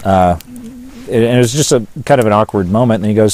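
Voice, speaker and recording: Man, Pacific Northwest accent, interviewee, low voice, hesitant, rambling. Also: a little fast, a little mellow, a little hiss or hum. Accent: Pacific Northwest American. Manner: rambling, hesitant, many fillers and restarts. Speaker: pastor and witness. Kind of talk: casual storytelling interview.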